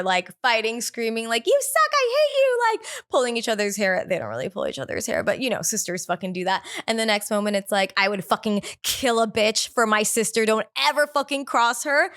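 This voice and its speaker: A woman hosts her own podcast in relaxed, candid chat. Her voice is smooth and clear, with a mid-range pitch. She swears freely and scatters "like" through her sentences. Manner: chatty and candid, swears freely, many "like" fillers. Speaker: podcast host. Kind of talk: casual solo podcast chat.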